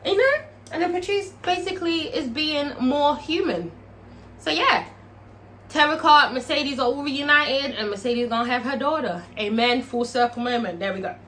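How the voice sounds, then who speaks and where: A woman casually recapping a TV episode, animated, swearing and checking in with the viewer. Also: sits high, normal speed, a little hiss or hum. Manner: animated, frequent swearing, checks in with "all right?". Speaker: TV show reviewer.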